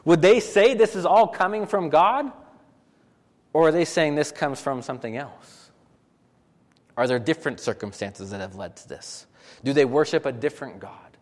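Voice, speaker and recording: Man, pastor preaching, fairly high voice, lively rhetorical questions, long church-hall reverb. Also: normal speed. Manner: animated, rhetorical questions, repeats for emphasis. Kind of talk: sermon.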